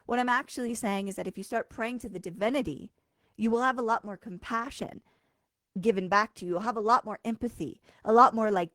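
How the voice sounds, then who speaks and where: A woman's voice: fairly high pitch, brisk, no room sound. Emphatic woman giving a live spiritual talk. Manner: emphatic, direct, keeps checking in with "okay?"; casual and blunt, swears now and then. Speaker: spiritual coach.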